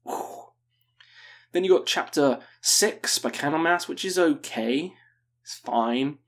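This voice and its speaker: A man's voice: fairly high pitch, expressive, takes it slowly, fairly bright tone. A man in his thirties chatting casually as a metal music video host, cursing and joking with enthusiasm. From England. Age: 30s. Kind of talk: casual album-review chat.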